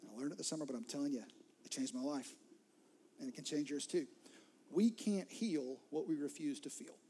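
A man's voice: fairly high pitch, a little fast, mellow, husky. A man preaching a sermon as pastor, earnest, repeating words and sometimes dropping to a near whisper.

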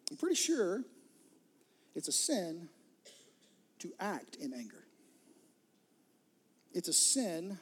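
A man's voice: a little high, darkish tone, husky. A man preaching a sermon as pastor, earnest, repeating words and sometimes dropping to a near whisper.

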